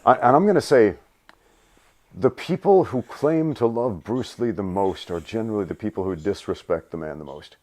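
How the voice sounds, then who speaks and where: A man's voice: fairly low pitch, animated, moderate pace, darkish tone. A man with a hybrid British and American accent, talking earnestly as a podcast guest. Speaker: guest, martial artist. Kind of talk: podcast discussion.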